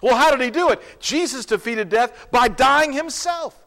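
A man preaching a sermon, acting out scenes and dropping to hushed whispers. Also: very high voice, expressive, normal speed, creaky. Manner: dramatic, swings from loud to hushed whispers. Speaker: pastor.

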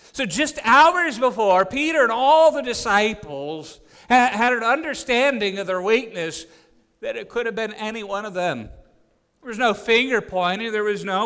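A man delivers a sermon in a bright, slightly tense voice pitched a little high. He slips into quoted voices and stumbles into quick restarts. A long reverb trails his words around the hall. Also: lively intonation. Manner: acts out quoted disciples with rising voice, frequent restarts. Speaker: pastor.

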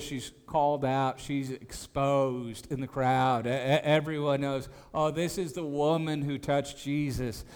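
Preacher in an echoing hall. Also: male voice, on the high side, clear, resonant tone. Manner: stammers on restarts, rises to emphatic declarations. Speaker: pastor. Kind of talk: expository sermon.

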